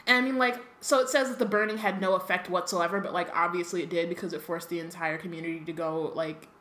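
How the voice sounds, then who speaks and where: A woman's voice: fairly low pitch, fairly even intonation, quick pace, a bit bright, a little hiss or hum. A woman hosting a casual discussion podcast, rambling with lots of fillers and trailing thoughts. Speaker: podcast host leading discussion. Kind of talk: casual chat. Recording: roomy echo.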